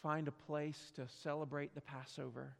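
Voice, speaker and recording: A man preaching a sermon, telling a story with dramatic swings from quiet to loud, in a church sanctuary. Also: fairly high pitch, flat delivery, moderate pace, creaky. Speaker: pastor. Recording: long hall reverb.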